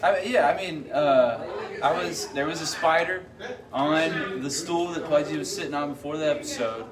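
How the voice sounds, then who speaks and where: A man's voice: a little high, normal speed, reverberant. A man co-hosting a live podcast, hesitant and laughing as he tells a story. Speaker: podcast co-host. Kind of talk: casual chat. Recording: far from mic, crowd noise.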